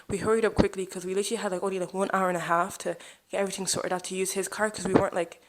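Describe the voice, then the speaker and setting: Fast-talking young woman, chatty storyteller. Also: mid-range voice, little pitch movement, very noisy. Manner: chatty, rambling, heavy use of "like". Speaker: vlogger sharing a testimony. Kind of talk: casual storytelling to camera.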